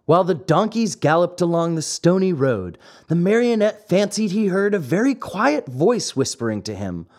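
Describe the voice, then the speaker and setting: A man narrating a classic fairy tale with expressive, storytelling flair. His voice is a touch high for a man and swings widely in pitch, rising and dipping through each sentence. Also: normal speed, few pauses.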